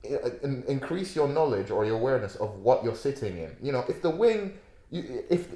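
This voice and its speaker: A man's voice: mid-range voice, very animated, a little fast, dark tone, echoey room. A man co-hosting a casual podcast, cracking jokes and earnestly explaining things. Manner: jokey interjections, earnest when explaining. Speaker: podcast co-host. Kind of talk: casual chat.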